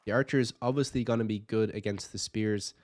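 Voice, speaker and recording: A man with a fairly low voice casts a strategy game match in a casual, conversational way. He thinks aloud and drops in light jokes. A faint hiss sits under his voice. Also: steady tone, a little fast. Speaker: game caster. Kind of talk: casual video game commentary.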